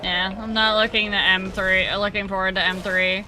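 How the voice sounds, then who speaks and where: A woman's voice: mid-range voice, level tone, normal speed, noisy background. A young adult woman streamer chatting casually with viewers while playing, greeting them by name and reacting to the game. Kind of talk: casual live-stream chat over gameplay.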